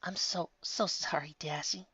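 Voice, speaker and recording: Woman doing a soft-cooing pony mom. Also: low-pitched, sing-song, a little fast, no echo, lo-fi sound, heavily acted. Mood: tender. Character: gentle soft-spoken pony mother.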